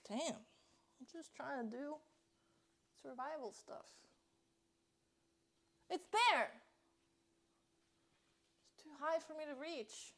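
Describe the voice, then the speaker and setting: Chatty high-voiced lady streaming from home on her phone, slow and swears a lot. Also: creaky. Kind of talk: casual live-stream chat. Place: indoors at home.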